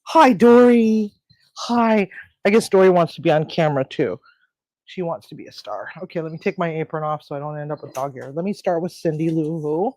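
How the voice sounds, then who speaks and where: A woman's voice: low voice, fast talker, darkish tone, no room sound. A woman hosting a casual home cooking video, rambling and chatty, cooing at her pets. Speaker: home cooking show host. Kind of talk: casual cooking and pet chat.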